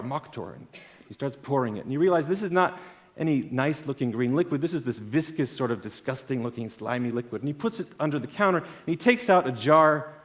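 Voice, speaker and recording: A man giving a storytelling keynote talk at an event. He swings between loud bursts and quiet asides. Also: medium pitch. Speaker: conference speaker. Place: event stage.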